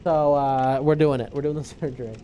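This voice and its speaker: A man's voice: mid-range voice, fairly even intonation, a little fast, dark tone, slight background noise. Joking man streaming a game. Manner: joking, playful, talks back to the game. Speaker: livestream gamer host. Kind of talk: casual gaming stream commentary.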